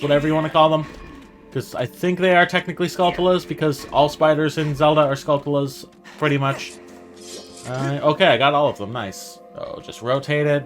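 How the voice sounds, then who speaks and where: Man, let's play commentary, mid-pitched voice, chatty and rambling, soft music behind. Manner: chatty, thinking aloud, laughing at himself. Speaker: gaming channel host.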